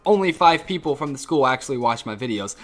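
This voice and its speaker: Fast-talking teen guy telling a story. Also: medium pitch, animated, soft background music. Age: teens. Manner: rambling, profane, restarts often. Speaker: YouTuber and high school student. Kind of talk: casual storytime vlog.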